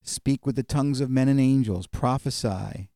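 A male pastor delivers a sermon in an easygoing, storytelling manner, often pausing on fillers. His voice is warm and mellow, in a medium register. The sound is dry, with no room reverb. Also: medium pitch. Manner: conversational storytelling, many fillers.

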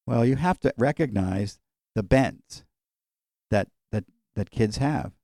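A man's voice: medium pitch, lively intonation, slow, mellow, no echo, studio quality. A middle-aged man leading an informal Bible study, talking in a conversational, digressive way with fillers and chuckles. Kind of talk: informal Bible teaching with personal stories.

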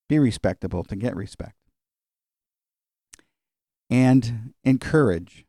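A man's voice: medium pitch, a little slow, pauses often, dark tone, dry recording, studio quality. A middle-aged man leading an informal Bible study, talking in a conversational, digressive way with fillers and chuckles. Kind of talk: informal Bible teaching with personal stories.

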